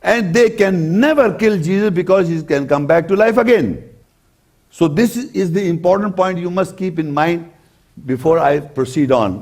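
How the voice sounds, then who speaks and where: Emphatic male preacher, slightly high voice. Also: darkish tone. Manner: deliberate and emphatic, repeats key points. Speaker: Islamic preacher. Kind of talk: religious lecture explaining scripture.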